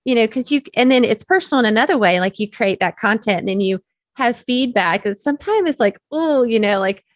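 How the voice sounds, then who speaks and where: A woman's voice: on the high side, brisk, dry recording. Chatty Southern woman, dry sound. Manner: chatty, speeds up when excited, many fillers. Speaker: guest, technical curriculum developer. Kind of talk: casual interview talk.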